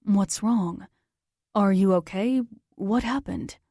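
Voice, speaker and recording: An earnest, gentle young man full of concern, in a storybook reading, as a woman narrator reads his lines. His questions come slowly, in a dry, close voice. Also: mid-range voice, no echo.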